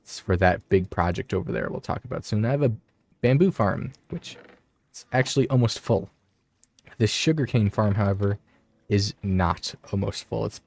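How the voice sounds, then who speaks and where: A young man talks through his gameplay in a relaxed, chatty way, with a voice sitting a little low. He trails off and restarts often, and gets excited whenever he notices something. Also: gravelly. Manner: rambling, self-interrupting, easily excited. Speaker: gaming video creator. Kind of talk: casual gameplay commentary.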